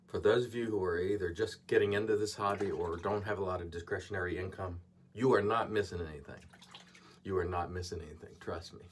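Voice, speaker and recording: Male vlog host, low voice, casual rambling review mid-shave. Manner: chatty, digressive, earnest asides. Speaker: channel host reviewing shaving soap. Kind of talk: casual product review while shaving.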